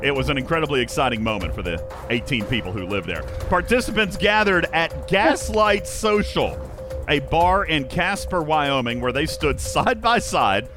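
A man's voice: on the high side, animated, normal speed, over music. A man hosting a podcast, reading comedic news bits and chatting, often laughing through his own jokes. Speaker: podcast host.

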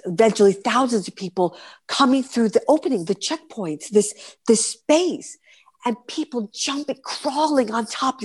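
A guest performer in her fifties, from New York City and speaking with its accent, tells lively, vivid stories in a podcast interview. She has a mid-range voice with a breathy edge.

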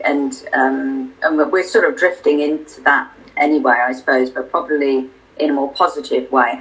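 A podcast co-host with a mid-pitched voice who winds slowly toward a question. The talk is meandering and self-deprecating, with many restarts. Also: a bit bright, rough recording. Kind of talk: casual conversation.

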